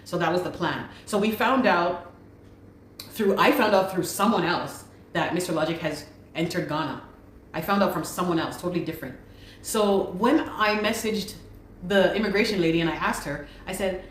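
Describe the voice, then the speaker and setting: A woman's voice: on the low side, moderate pace, slight background noise. A woman telling her story as a guest, speaking urgently and repeating her pleas. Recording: echoey room recording.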